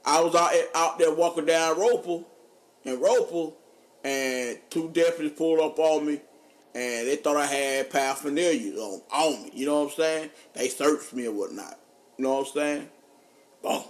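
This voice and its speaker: A man, a podcast co-host telling funny stories in casual chat, animated and laughing often. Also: moderate pace. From North Carolina. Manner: animated, laughing often, drops low for quoted voices. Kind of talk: casual storytelling.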